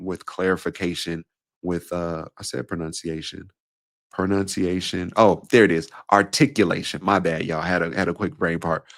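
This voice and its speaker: Deep nasal man with slight Southern twang. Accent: slight Southern country twang. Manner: measured, deliberate, varies pace for emphasis. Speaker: podcast host and speaking coach. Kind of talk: solo podcast monologue.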